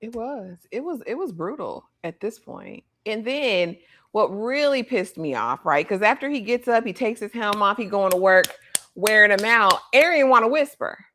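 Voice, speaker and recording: A woman's voice: mid-range voice, sing-song, normal speed, bright, forceful tone. Woman host recapping TV in slang. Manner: playful slang, quotes characters mid-recap. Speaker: podcast host. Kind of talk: casual TV recap chat.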